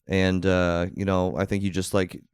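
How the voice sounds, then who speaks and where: A man's voice: low voice, little pitch movement, moderate pace, clear, resonant tone, no echo, clean studio sound. A congested man, a stand-up comedian guest, talking in a hesitant, self-doubting way in a casual podcast chat.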